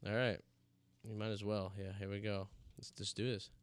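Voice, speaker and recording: A man co-hosting a casual talk show, chatty and halting with many fillers, teary and suffering from extreme spicy heat. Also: on the low side, flat delivery, clean tone. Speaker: podcast co-host. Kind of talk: casual chat during a hot chip challenge. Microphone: headphones and studio mic.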